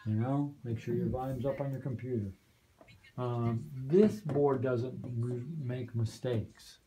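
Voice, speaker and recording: Casting: man, mellow tone, patient hands-on trainer walking newcomers through studio gear, faint hiss behind. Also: medium pitch, steady tone, takes it slowly. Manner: patient, repeats "okay?" to check understanding. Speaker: radio station trainer. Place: small community radio studio.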